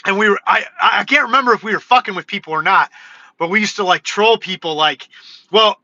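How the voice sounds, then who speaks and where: Man, high bright voice, rambling livestream chat, dry slightly muffled audio. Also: fast, dry recording. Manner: rambling and excitable, peppered with "dude" and "bro". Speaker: livestream host.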